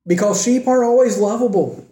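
Earnest preacher, dark echoey sound. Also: male voice, high voice, a little fast. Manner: earnest, conversational preaching with rising emphasis. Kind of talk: sermon.

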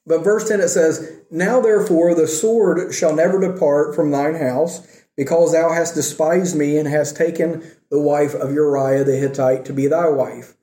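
A man's voice: fairly high pitch, fairly even intonation, dark tone, echoey room, low-quality recording. A man teaching a Bible lesson, reading scripture aloud and then explaining it in a conversational way, checking in with his listeners. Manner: reads scripture slowly, then explains conversationally with asides like "okay?".

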